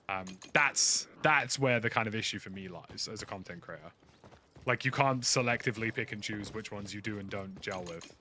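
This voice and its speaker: A man's voice: fairly low pitch, normal speed, pushed and bright. Chatty British man over noisy game audio. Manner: chatty, rambling, frank opinions. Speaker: gaming streamer. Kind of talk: casual commentary while playing.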